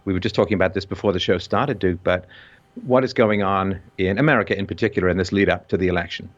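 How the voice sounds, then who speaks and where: Intense low-voiced man, lo-fi audio. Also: fast talker. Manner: intense, builds to loud emphatic peaks. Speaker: guest commentator. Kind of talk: impassioned discussion. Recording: dull lo-fi audio.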